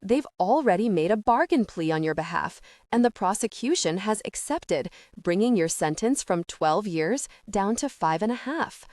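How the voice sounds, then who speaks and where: A woman reading an audiobook and voicing a gentle, motherly woman with a soft Southern drawl. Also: medium pitch, animated, moderate pace, few pauses, dry recording, clean studio sound, close to an everyday voice. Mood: tender, reassuring.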